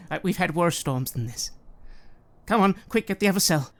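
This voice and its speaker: A man's voice: high voice, lively intonation, normal speed, fairly bright tone, voice pushed up. A man voicing a hardy mother from the boats who stammers with emotion. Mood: determined. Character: hardy boat-folk mother, tough and tearful.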